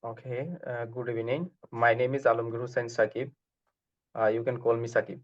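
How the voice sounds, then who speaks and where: Halting man, dull audio. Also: medium pitch, flat delivery. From Bangladesh. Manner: halting, many pauses and filler sounds. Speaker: exam candidate. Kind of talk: answering exam questions.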